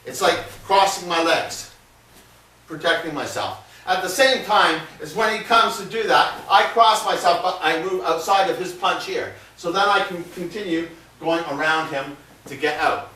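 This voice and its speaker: Man, self-defense instructor, bright voice, plain teaching while demonstrating, very echoey room, mic at a distance. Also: fairly high pitch, normal speed. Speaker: martial arts instructor.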